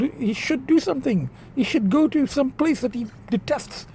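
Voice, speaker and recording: A man's voice: very high voice, lively intonation, normal speed, warm tone, slight background noise. A middle-aged man from Canada vlogging casually to a phone camera, rambling with many hesitations and restarts, blunt and swearing when annoyed. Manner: rambling, hesitant, full of you-knows and restarts. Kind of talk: casual vlog talk to camera. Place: car, restaurants and shops.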